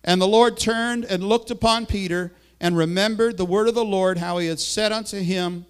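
A man's voice: sits high, fairly even intonation, normal speed, few pauses, clear, resonant tone. A man preaching a sermon with fervent, rising and falling emphasis, now and then asking for the next slide.

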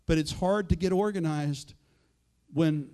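A man's voice: a little high, unhurried, mellow. A middle-aged male pastor preaching a sermon in a conversational way, full of rhetorical questions and quoted asides.

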